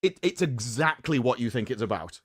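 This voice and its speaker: A man's voice: medium pitch, big pitch swings, moderate pace, a crowd in the background. Rambling man in a casual stream chat. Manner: rambling, stammers on repeated words, chuckles.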